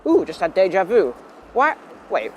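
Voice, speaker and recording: A man's voice: sits high, wildly swooping pitch, moderate pace, a little hiss or hum. A young man telling rambling, self-mocking stories to camera, laughing often and drifting into tangents. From England. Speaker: vlogger. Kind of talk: rambling casual storytelling.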